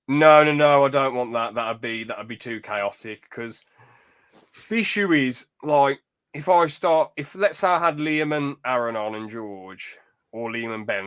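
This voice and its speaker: A man hosting a podcast in casual, rambling chat, getting animated when he tells a story. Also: mid-range voice. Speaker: podcast host.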